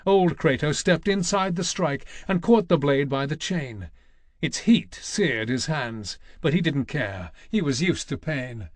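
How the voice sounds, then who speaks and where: A man narrating an audiobook in a measured, dramatic reading style. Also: on the high side, animated, no echo. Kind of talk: scripted narration.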